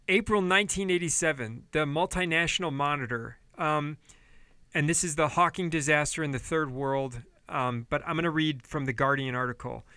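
A man hosting a podcast, ranting heatedly about politics and money with a lot of swearing, then dropping to quieter apologetic stretches. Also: fairly high pitch, smooth, no echo, studio quality. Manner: heated, profane, swings between yelling and apologetic quiet. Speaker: podcast host.

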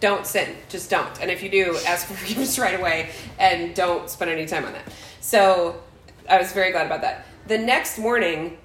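A woman's voice: lowish voice, moderate pace, reverberant, slight background noise, low-quality recording. A middle-aged woman telling a family story in casual chat, acting out quotes with laughter. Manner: animated, acts out quotes with laughter.

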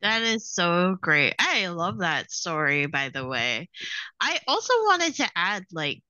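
A woman's voice: fairly low pitch, very animated, slow, bright, forceful tone, no echo, dull audio. A woman hosting an interview, a supportive listener who responds often. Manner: supportive listener, frequent short affirmations. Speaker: podcast host.

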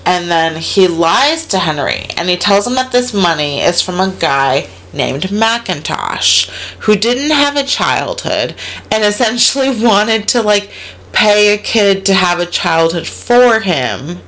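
A podcast co-host recaps a film in casual conversation, her medium-pitched voice bright and lively in intonation while keeping a measured pace. She performs the characters' lines with gusto, laughing and cursing as she retells the story.

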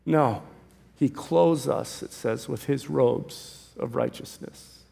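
A male pastor preaching a sermon, emphatic, swinging from loud calls to hushed pleas. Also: fairly high pitch, animated, unhurried, gravelly. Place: church sanctuary. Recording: long reverb of a large hall.

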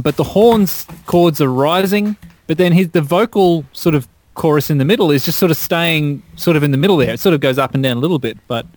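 An eager man with a fairly high voice talks through a song piece by piece, gushing about horns and chord changes. His voice sounds dry and close, with no room around it. He is a regular co-host of a casual music podcast. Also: a little mellow, no echo. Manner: enthusiastic, detailed song analysis.

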